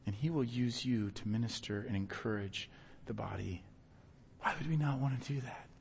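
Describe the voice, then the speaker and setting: A man preaching a sermon as pastor, telling personal stories in an earnest, animated way with bursts of loud emphasis. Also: medium pitch, moderate pace, gravelly, a little hiss or hum. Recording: long hall reverb.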